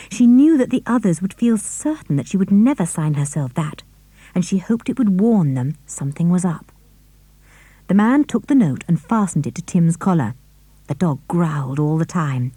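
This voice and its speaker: A woman reading a children's adventure story aloud with expressive narration. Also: on the low side, husky, no room sound. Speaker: audiobook reader.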